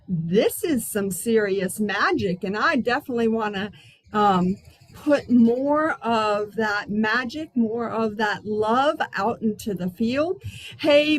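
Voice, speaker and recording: Slow, gentle woman hosting a healing circle. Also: fairly high pitch, poor audio. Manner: gentle, unhurried, chatty. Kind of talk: spiritual healing talk. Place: outdoor patio. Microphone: video call.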